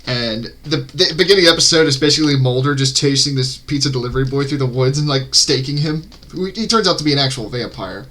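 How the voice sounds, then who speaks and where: A man streaming and chatting casually while drawing, relaxed and joking. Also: mid-range voice, fast, hardly any pauses.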